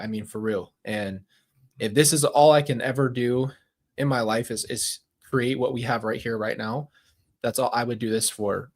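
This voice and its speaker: A man hosting a livestream, speaking to his viewers in casual, heartfelt chat and often repeating himself. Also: medium pitch. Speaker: livestream host.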